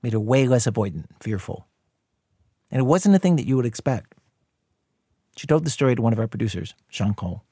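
Husky, mellow-voiced male radio host. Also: mid-range voice, lively intonation, a little fast, long pauses, dry recording, studio quality. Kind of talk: scripted radio introduction.

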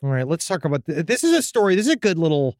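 A man co-hosting a casual true-crime podcast, animated and joking, swearing freely. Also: a little high, very fast, no echo, clean studio sound. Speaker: podcast co-host.

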